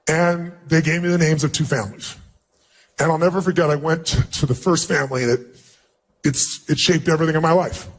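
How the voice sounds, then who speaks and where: A man's voice: a little high, fairly even intonation, fairly quick, slight background noise. A man giving a motivational speech, telling a personal story to an audience and acting out dialogue with emphasis. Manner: emphatic, acts out dialogue in a raised voice. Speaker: motivational speaker.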